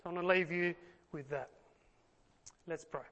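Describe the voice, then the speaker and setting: Man, preacher, earnest sermon, bright tense voice, high pitch. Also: moderate pace, dull audio. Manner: earnest, emotional, fillers and restarts. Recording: long hall reverb.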